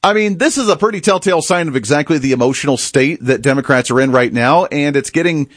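A man's voice: a little high, quick pace, no room sound. Chatty male talk show host, dry sound. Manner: chatty, mocking, laughs at clips. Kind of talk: casual conservative commentary.

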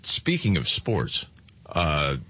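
A man's voice: rumbling low, wildly swooping pitch, slow, sharp tone, husky, dry recording. A man hosting a talk show, bantering casually and making dry, sarcastic remarks. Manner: wry, sarcastic quips. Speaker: show host. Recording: lo-fi audio with faint music.

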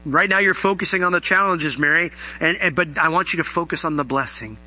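A middle-aged man preaching a sermon, animated and rising into emphatic questions to his listeners. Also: on the high side, a little fast, rough recording. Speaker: pastor.

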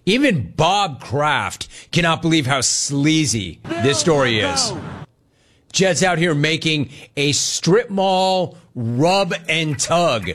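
A man hosting a sports talk show, ranting in a sarcastic, mocking, animated way. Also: a little high, takes it slowly. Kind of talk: comedic sports commentary rant.

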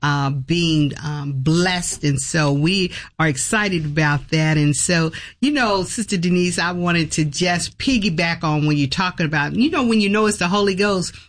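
A woman's voice: on the low side, normal speed, few pauses. A woman organizing a church conference talks about it on a radio show, sounding enthusiastic and affirming, with plenty of fillers. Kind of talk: casual radio conversation.

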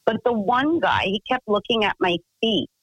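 A woman's voice: fairly high pitch, lively intonation, normal speed, breathy edge, dry recording, low-quality recording. A woman caller rambles through a long personal story, piling on fillers and restarts. Her voice sounds close and dry, with no room around it. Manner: chatty, rambling, full of fillers.

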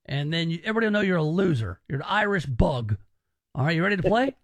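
A man's voice: fairly high pitch, big pitch swings, fast talker, no echo. A male radio host running a call-in game, teasing and bantering with energy.

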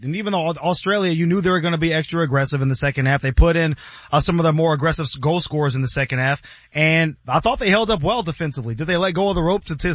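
A quick-talking man hosts a sports radio show in a slightly raised voice. His studio sound is dry and a little dull. He chats and hedges in a conversational way. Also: on the high side, fairly bright tone, no echo. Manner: chatty, conversational, hedging. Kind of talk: casual sports talk radio. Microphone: studio microphone.

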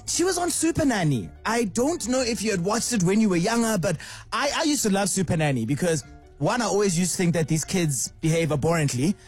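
A male radio host talking in a chatty, animated and opinionated way, with faint music behind. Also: high-pitched, breathy edge. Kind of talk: casual radio chat.

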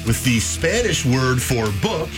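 Male co-host, playful banter, mid pitch, music bed clearly under him. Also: very animated, measured pace. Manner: playful, slips into goofy announcer and impression voices. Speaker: radio co-host. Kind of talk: joking radio banter.

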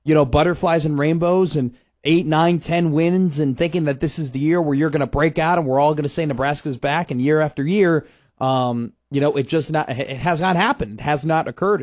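A man's voice: fairly high pitch, darkish tone, no room sound. A man hosting a sports radio show, talking casually and emphatically, repeating his points.

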